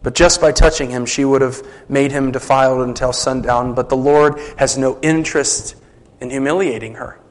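A man's voice: mid-range voice, steady tone, normal speed, rough recording. A man preaching a sermon as a pastor, conversational, asking the congregation rhetorical questions.

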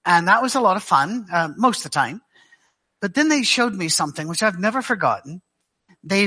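A middle-aged man from Scotland with a Glaswegian accent, preaching a guest sermon to a church, telling stories with dry humor and halting restarts. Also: high voice, pushed and bright. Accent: Glaswegian Scottish.

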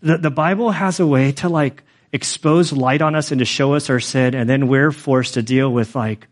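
A man's voice: mid-range voice, normal speed, hardly any pauses. A man in his forties, a pastor telling his own story in a sermon, earnest and rambling, with many fillers. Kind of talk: sermon testimony.

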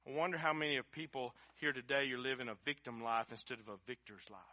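A middle-aged man preaching a sermon, impassioned, building up to shouting at its peaks. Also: a little high, no echo. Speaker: pastor.

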